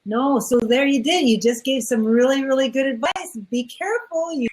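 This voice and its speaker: A woman's voice: high voice, normal speed, a little mellow, rough recording. A woman hosting a podcast interview, encouraging and affirming her guest. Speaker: podcast host.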